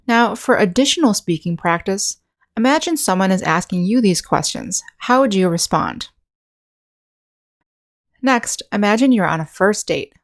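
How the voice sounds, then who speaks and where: An American woman who teaches English narrates an online lesson with a medium pitch and lively intonation. She's clear and patient, demonstrating sounds slowly.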